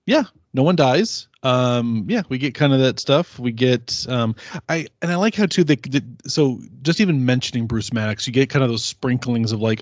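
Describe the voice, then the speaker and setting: Speaking at a moderate pace in an expressive, medium-pitched voice, this male podcast host keeps the conversation casual, wandering, fixing his own words and laughing a lot. The recording is dry, echo-free and a bit muffled.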